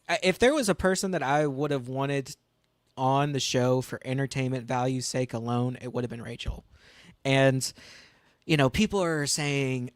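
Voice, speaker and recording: A man's voice: medium pitch, a bit bright, smooth, no echo, clean studio sound. A man co-hosting a casual podcast, giving passionate, emphatic fan opinions. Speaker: podcast co-host.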